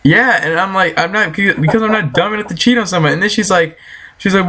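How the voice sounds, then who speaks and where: A man's voice: high-pitched, fairly quick, pushed and bright. A man telling a story as a casual, heated, profane rant, breaking into laughter now and then.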